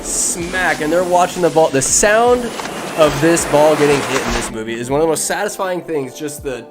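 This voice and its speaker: A man hosting a podcast, retelling a movie in an animated, profane way and hopping into character voices. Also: a little high, normal speed, heavy background noise. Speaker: podcast host.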